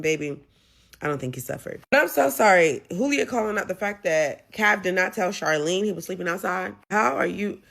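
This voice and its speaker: Sassy Southern woman recapping reality TV. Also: deep voice. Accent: Southern American. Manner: sassy, playful, dramatic asides. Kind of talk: casual recap commentary.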